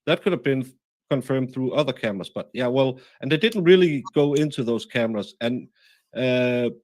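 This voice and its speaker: A man hosts a casual livestream in a halting way, full of fillers as he reads out viewer comments. His pitch sits in the middle for a man. The recording is dry and close. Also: lively intonation, no room sound. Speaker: livestream host.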